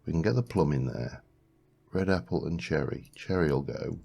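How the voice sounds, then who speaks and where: A man's voice: a bass voice, expressive, normal speed, gravelly, dark tone, a little hiss or hum. A man hosting a let's play, musing aloud in casual gameplay commentary, rambling with frequent restarts.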